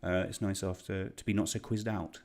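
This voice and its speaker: A young man from England hosting an online quiz, chatty and self-deprecating as he reads out questions and shout-outs. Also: low voice, level tone, normal speed. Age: young adult. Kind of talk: casual quiz hosting livestream.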